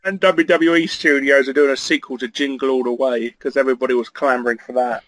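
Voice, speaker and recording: A man, a guest in a casual interview, trades dry, mock-menacing banter. His voice is bright and forceful, pitched in the middle range. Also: steady tone, fast talker, rough recording. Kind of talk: casual joking chat.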